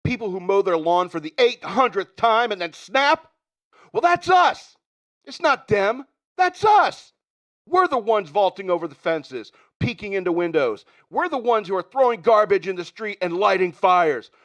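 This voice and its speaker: A man's voice: sits high, very animated, normal speed, a bit bright, voice pushed up. A man doing an impression of a frantic suburban man who shrilly rants at his neighbor.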